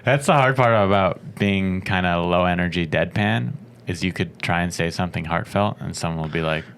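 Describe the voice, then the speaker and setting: Male podcast host, very low voice, relaxed and teasing. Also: brisk, slight background noise. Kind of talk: casual chat.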